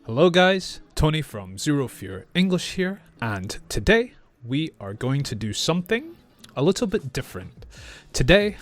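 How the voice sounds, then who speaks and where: A man from Scotland with a Scottish accent, speaking clearly and slowly as an English teacher reacting to clips. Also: a little high, sing-song, soft background music. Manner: clear, slow and friendly teaching. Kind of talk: reaction video lesson.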